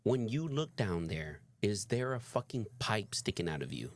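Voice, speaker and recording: A man's voice: on the low side, very animated, normal speed. A man co-hosting a reaction video, giving emphatic commentary and swearing freely. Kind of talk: casual opinionated commentary.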